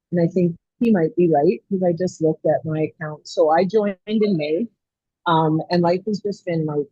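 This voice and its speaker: A woman's voice: deep voice, mellow, husky, no echo. A woman calling in to a video chat from Canada, speaking in an eager, rambling way with many fillers. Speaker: caller on a video call. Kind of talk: casual chat. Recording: dull, lo-fi call audio.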